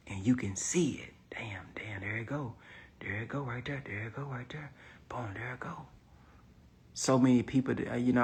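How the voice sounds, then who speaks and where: A man gives casual motivational vlog talk to camera as an online business coach, reflective and emphatic, sometimes lowering to a near whisper. He speaks at medium pitch, with slight background noise.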